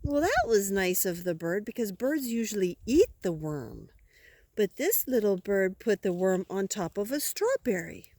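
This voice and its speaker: Slow, lively older woman reading a storybook. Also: mid-range voice, no echo. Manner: slow, gentle and lively, with gasps and questions to the listener. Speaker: grandmother reading to a child. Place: outdoors by woods.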